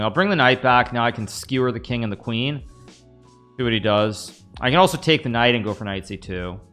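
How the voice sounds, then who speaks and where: A man in his thirties from the United States live-streams chess, talking to his chat with rambling, chatty commentary as he plays. His voice is mid-range and fairly bright.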